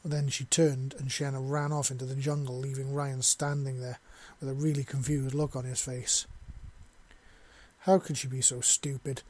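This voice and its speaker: Man, story narration, steady plain delivery, mid-pitched voice. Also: normal speed. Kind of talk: storybook reading.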